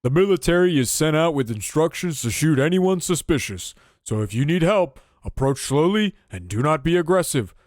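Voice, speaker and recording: A man's voice: on the high side, lively intonation, moderate pace, a little mellow, no echo, studio quality, close to an everyday voice. A man putting on the voice of an urgent male TV news anchor, announcing in a formal broadcast manner.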